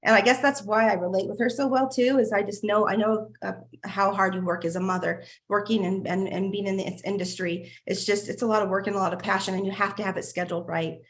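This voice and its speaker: A woman's voice: medium pitch, steady tone, fast, hardly any pauses. A woman hosting a casual group video call, gushing over members, laughing often and restarting her sentences.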